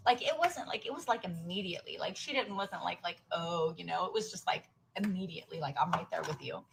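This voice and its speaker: A woman's voice: lowish voice, fairly quick, gravelly, noisy background. Tearful American mother ranting, swearing. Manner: profane, raw, voice breaking into whispers. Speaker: working mother venting online. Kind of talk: emotional rant to camera.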